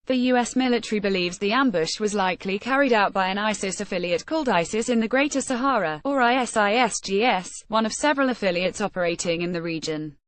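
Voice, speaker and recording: A woman reading a news article aloud in an even, steady way. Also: medium pitch, fast, hardly any pauses, dry recording. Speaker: news reader.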